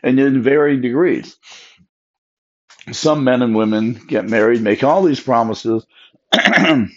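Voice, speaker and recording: A man's voice: medium pitch, slow pace. Sleepy, rambling man in a lo-fi recording. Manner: rambling, chatty, with self-interrupting restarts. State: sleepy, yawning. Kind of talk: casual solo monologue. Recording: dull lo-fi recording.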